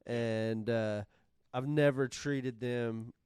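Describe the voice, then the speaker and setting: A man co-hosting a podcast, telling a personal story in halting, rambling casual chat. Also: mid-range voice, fairly even intonation, darkish tone, smooth, no echo, clean studio sound. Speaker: podcast co-host.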